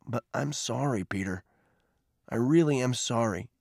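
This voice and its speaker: A man's voice: medium pitch, moderate pace, no room sound, studio quality, lightly acted. A man voicing a remorseful teenage boy who speaks earnestly and from the heart. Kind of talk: audiobook character voice.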